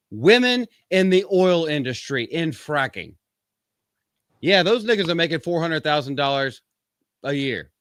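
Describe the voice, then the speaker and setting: A man's voice: a little high, fairly bright tone, dry recording. Profane ranting male live-stream host. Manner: profane, mocking rant; reads quotes aloud and interrupts with sarcastic asides. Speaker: podcast host.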